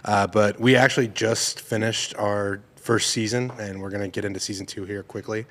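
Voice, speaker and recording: A man's voice: fairly low pitch, steady tone, moderate pace. A man guesting on a podcast, talking easygoing and rambling, with some self-deprecating humor. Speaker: guest, former college football player. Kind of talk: casual podcast conversation. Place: podcast studio, seated at a table.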